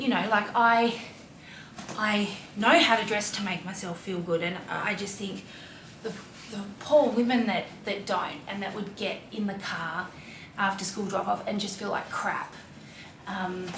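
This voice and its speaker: This medium-pitched, fairly bright voice belongs to an Australian woman in her thirties, a mother who vlogs about fashion. She chats warmly and confessionally, with lots of filler words. There's a little hiss or hum, plus room echo and faint ambience from a far-off mic.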